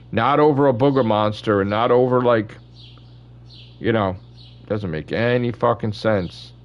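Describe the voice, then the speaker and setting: A man's voice: fairly low pitch, highs cut off. A man hosting his channel, ranting in casual fan commentary with blunt opinions and constant swearing. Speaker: channel host.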